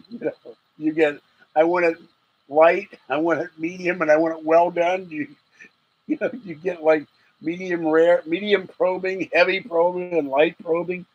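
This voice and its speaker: A man's voice: on the high side, slightly rough, muffled recording. A man hosting a late-night livestream, rambling and joking with viewers, chuckling often and getting sleepy. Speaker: livestream host.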